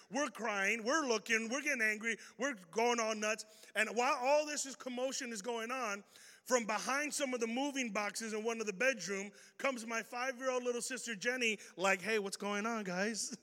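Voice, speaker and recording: A man preaching an energetic sermon, telling a story and swinging between loud bursts and hushed lines. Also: high voice. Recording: reverberant hall.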